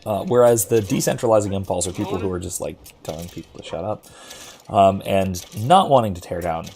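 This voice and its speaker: Low-voiced man chatting while gaming. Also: a little fast, a little mellow. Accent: general American. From Florida. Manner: thoughtful, rambling, many fillers and restarts. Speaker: streamer. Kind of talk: casual chat while gaming.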